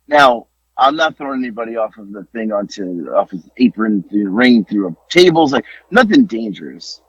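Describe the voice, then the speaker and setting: A man co-hosting a casual podcast, telling stories with lively exclamations and some swearing. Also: fairly low pitch, moderate pace, breathy edge, no room sound. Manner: animated storytelling, swearing, exclamations. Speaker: podcast co-host. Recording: dull lo-fi dry podcast audio.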